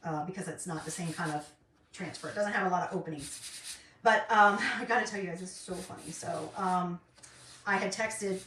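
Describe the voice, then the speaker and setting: A middle-aged woman with a drawl talks through her craft project in a loose, rambling way, full of ums. Her voice is bright and crisp. She sounds a little distant in an echoey room with a faint hiss behind her. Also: lowish voice, normal speed. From North Carolina, US. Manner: rambling and chatty, many ums. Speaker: craft vlogger. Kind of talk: casual chat while crafting. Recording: roomy, distant, faint noise.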